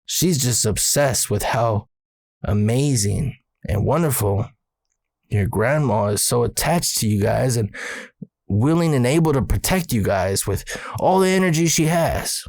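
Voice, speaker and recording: A man retelling the words of a medicine woman in a slow, measured way. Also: mid-range voice, expressive, darkish tone, dry recording. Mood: solemn. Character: calm, knowing female medicine woman.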